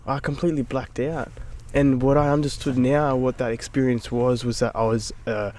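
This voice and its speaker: A man's voice: mid-range voice, little pitch movement, normal speed, a little mellow. A young adult man, a podcast guest, telling a personal story in casual chat, swearing freely and dropping into whispers for his inner thoughts.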